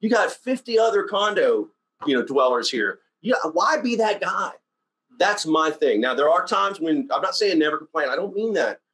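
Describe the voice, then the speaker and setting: A man talks through a casual motivational training session. His voice sits a little high for a man, and he comes across as blunt and animated, rambling from one story to the next. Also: moderate pace, rough recording. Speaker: company CEO giving sales training.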